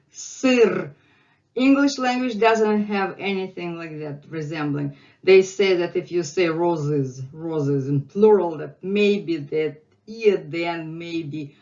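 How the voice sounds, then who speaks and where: A woman's voice: fairly low pitch, dull audio. A woman with a Russian accent teaching the alphabet, patiently repeating each sound many times. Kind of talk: slow alphabet lesson with drilled repetitions.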